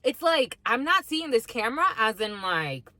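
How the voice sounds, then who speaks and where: A woman who works as a spiritual reader and channeler does a casual reading to camera at a moderate pace, her voice fairly high. She's blunt, swears freely, calls viewers "my lovies," and animatedly laughs her way through sentences, with no room sound in the recording.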